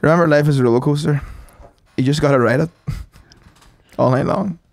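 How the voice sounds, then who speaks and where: A man's voice: on the high side, brisk, creaky, no room sound. A man co-hosting a podcast, swearing and laughing as he reads a list aloud. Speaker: podcast co-host. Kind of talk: casual chat.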